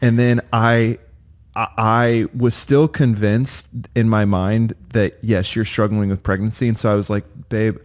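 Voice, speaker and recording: This podcast co-host speaks a little slowly, with a lowish voice and flat delivery. He trades stories in a teasing, playful way during a casual chat, laughing frequently.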